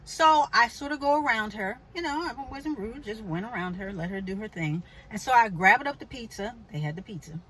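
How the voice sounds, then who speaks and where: A woman vlogger telling a personal story to her viewers in a chatty, animated way, with asides to the viewer. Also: fairly high pitch, brisk, few pauses, slightly rough, low-quality recording. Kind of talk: casual storytelling to camera.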